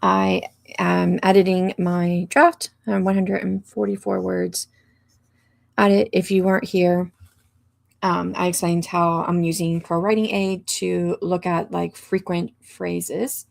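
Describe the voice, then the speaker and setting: A woman hosts a writing livestream, talking casually and reading out viewers' comments. Her voice sits a little low and has a gravelly fry. She rambles with lots of fillers and small laughs. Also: slow pace. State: hiccups. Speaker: livestream host.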